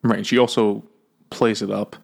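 A man hosting a casual book-chat podcast over beers, sarcastic, acting out characters' lines in quick bits. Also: lowish voice, flat delivery, vocal fry. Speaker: podcast host.

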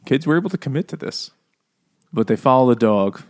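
A man's voice: mid-range voice, animated, a little fast. A man co-hosting a comedy podcast, riffing crudely about old children's books and acting out quotes in silly voices. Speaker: podcast co-host. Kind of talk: casual comedic book discussion.

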